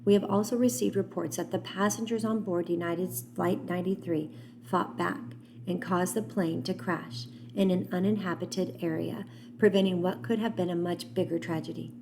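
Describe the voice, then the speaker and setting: A woman's voice: lowish voice, fairly even intonation, vocal fry, noisy background. Woman reading as a somber TV news anchor. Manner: measured, formal news delivery. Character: television news anchor reporting a disaster.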